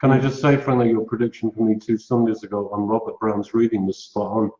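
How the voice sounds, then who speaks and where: Dry teasing co-host, roomy audio. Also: male voice, lowish voice, level tone, fast talker, dark tone, lo-fi sound. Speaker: co-host reading viewer feedback. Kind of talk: casual banter.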